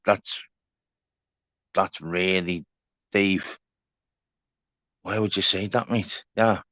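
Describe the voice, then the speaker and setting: A man's voice: mid-range voice, fairly bright tone, dry recording. A man hosting a casual livestream chat, blunt, swearing and repeating himself. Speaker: livestream host. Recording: dull lo-fi stream audio.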